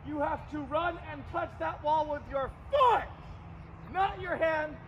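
A man teaching a martial arts class for children, leading loud call-and-response drills in a playful, commanding way. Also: extremely high pitch, measured pace, highs cut off. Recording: loud outdoor traffic noise.

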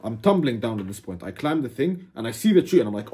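A young man casually telling a dramatic personal story to camera, animated, cursing and calling the listener "bro". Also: mid-range voice, fast talker, husky. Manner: animated, swears a lot, keeps saying "bro". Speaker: vlogger.

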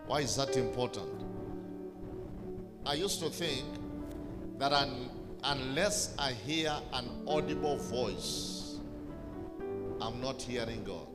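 A man, preaching a sermon as a bishop in an emphatic, repetitive call-and-response manner. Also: mid-range voice. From Kenya. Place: large church hall. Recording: reverberant church hall with music.

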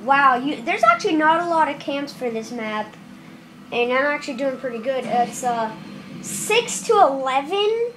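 Very high-voiced, excitable gaming commentator. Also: female voice, moderate pace, slight background noise. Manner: jittery, then shouting with excitement. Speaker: gameplay commentator. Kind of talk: casual game commentary. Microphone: camera filming a screen.

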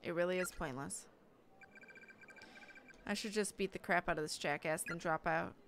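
A woman voicing a sullen teenage delinquent boy who mutters gruffly and quietly. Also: lowish voice, moderate pace, a little hiss or hum.

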